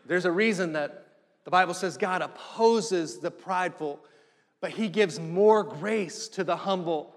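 A middle-aged man preaches a sermon as pastor, hammering his points home through repetition and rising emphasis. His voice sits high and a bit bright, heard with long hall reverb.

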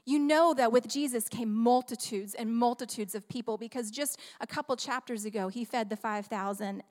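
At a moderate pace, a woman with a high voice preaches into a handheld microphone, playful and animated, throwing questions to the congregation. A big church hall lends her words a long, trailing reverb.

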